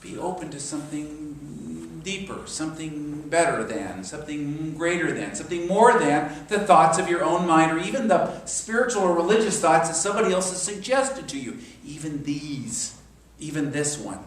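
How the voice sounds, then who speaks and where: A man gives a sermon-style talk in a church hall, recorded from a distance so his voice sounds echoey and roomy. His pitch sits a little high for a man. He is an animated storyteller who acts out the voices of the people in his stories. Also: normal speed, a little hiss or hum. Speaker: minister.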